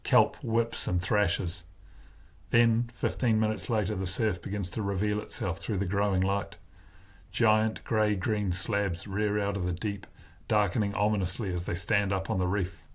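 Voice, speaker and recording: A man with a husky voice reading a first-person novel aloud in a slow, deliberate way. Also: lowish voice, level tone. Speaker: narrator.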